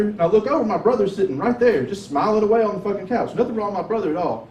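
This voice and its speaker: A man's voice: high-pitched, lively intonation, fast talker, darkish tone, a little hiss or hum. A man from Tennessee with a Southern accent, doing open mic stand-up in a drawling, conversational way and swearing freely. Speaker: stand-up comedian. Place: sports bar with a light crowd. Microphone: 360 camera from across the room. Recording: echoey bar from far off.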